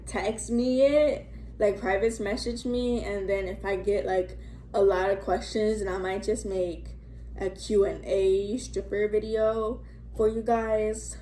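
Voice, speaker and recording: A woman's voice: medium pitch, fairly even intonation, measured pace, dark tone, a little hiss or hum. A young woman telling a casual storytime vlog into her phone, rambling and chatty with lots of fillers and the odd curse word. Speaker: vlogger. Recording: echoey room, faint ambience.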